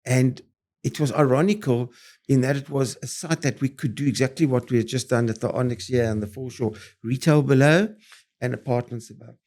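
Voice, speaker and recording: Speaking fairly quickly at a mid pitch, an older South African man appears as an interview guest and recounts his property-development business stories. His delivery comes in lively, punchy bursts, tripping over fillers and restarting sentences along the way.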